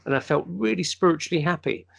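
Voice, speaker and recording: Male podcast co-host, gravelly, animated storyteller who plays out the dialogue. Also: on the high side, fast talker. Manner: animated storyteller, acts out quoted speech.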